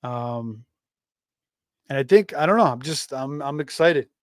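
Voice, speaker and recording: A man's voice: mid-range voice, expressive, a little slow, no room sound. Man, casual live-stream host, rambling, fillers and restarts, dry close sound. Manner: rambling, many fillers and restarts, reads chat aloud. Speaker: fantasy football livestream host.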